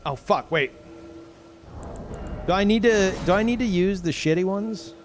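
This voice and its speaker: A man streaming a video game, chatting casually, rambling and searching for words with swearing and quick laughs. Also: high-pitched, expressive, over music. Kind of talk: casual chat while gaming.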